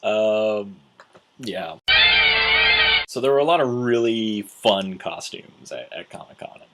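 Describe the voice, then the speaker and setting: A man's voice: lowish voice, lively intonation, slow pace, loud music behind the voice. A man vlogging a casual, rambling story recap, acting out quotes as he goes. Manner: rambling, with many restarts and acted quotes.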